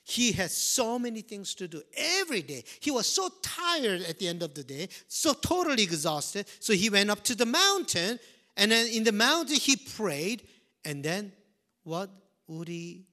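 A man preaching a sermon, swinging from loud emphasis to hushed near-whispers and repeating key phrases slowly. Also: sits high. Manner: slow, deliberate delivery with repetition.

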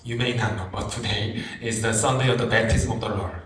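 A man preaching a slow, reflective sermon as a pastor, repeating phrases as he goes. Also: fairly low pitch, a bit bright. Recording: roomy, distant mic with faint background noise.

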